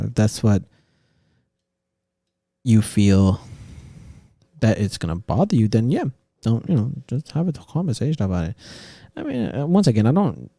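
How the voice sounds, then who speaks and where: Man, podcast host, casual rant, heavy swearing, animated pitch, gravelly. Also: no room sound, studio quality. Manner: swears constantly, animated, restarts often. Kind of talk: casual opinion talk.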